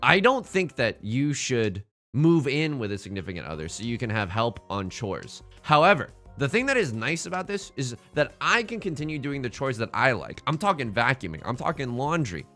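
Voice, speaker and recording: A young man giving casual, joking commentary over his own gameplay, slipping in quick impressions. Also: medium pitch, big pitch swings, pushed and bright, soft background music. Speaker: let's play streamer. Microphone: headset mic.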